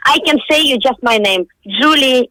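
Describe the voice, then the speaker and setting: A woman's voice: sits high, moderate pace, sharp tone, dry recording. A young woman in her twenties with a Russian accent and Russian as her first language, speaking blunt, irritated broken English on a phone call. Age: 20s. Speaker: prank call target.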